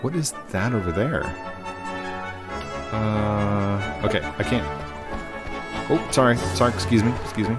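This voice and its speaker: A man's voice: on the low side, measured pace, long pauses. A man chatting through a let's play, talking to viewers as he plays, with game music behind. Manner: chatty, talks to viewers while playing. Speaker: gaming channel host.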